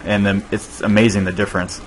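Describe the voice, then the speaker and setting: Low-voiced male gameplay host. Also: level tone, a little fast, a little hiss or hum, rough recording. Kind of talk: casual gameplay commentary.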